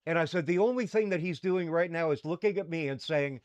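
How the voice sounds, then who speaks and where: A middle-aged man with a somewhat high-pitched voice. He hosts a talk show and tells his own story in a candid, rambling way, full of fillers and restarts. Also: fairly quick. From Canada. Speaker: podcast host. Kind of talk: personal storytelling.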